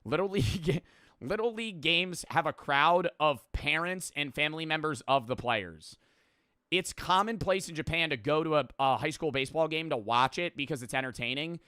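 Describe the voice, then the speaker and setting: A man's voice: on the high side, moderate pace, bright, forceful tone, smooth, dry recording, studio quality. A man casually reacting to a video as a streamer, rambling and swearing offhandedly.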